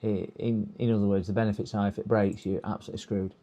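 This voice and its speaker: Man, lowish voice, muttering through repair steps on a live stream, hesitant and casual. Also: level tone, fast, warm tone. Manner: thinking aloud, hesitant, reading instructions half to himself. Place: repair workbench.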